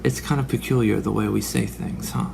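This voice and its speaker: Gravelly-voiced man preaching. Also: fairly low pitch, big pitch swings, a little fast, noisy background. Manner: dramatic, drops into breathy whispered asides. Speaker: religious speaker. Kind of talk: preaching monologue.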